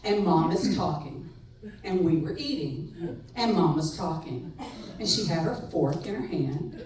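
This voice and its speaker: A woman's voice: on the low side, unhurried. Wry middle-aged woman telling a story. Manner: wry, animated, laughs between lines. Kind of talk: live personal storytelling. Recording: echoey room, far mic, faint noise.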